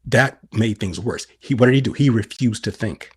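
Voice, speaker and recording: Husky middle-aged man, preacherly. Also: medium pitch, a little fast, few pauses. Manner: animated, preacherly, asks and answers his own questions. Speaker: podcast guest. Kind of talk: explaining scripture on a podcast.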